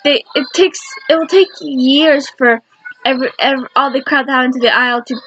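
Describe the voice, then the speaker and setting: High-voiced woman rambling excitedly. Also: brisk, breathy edge. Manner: rambling and enthusiastic, with many self-corrections. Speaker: fan video creator. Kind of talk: casual fan commentary countdown. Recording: dull lo-fi sound with faint noise.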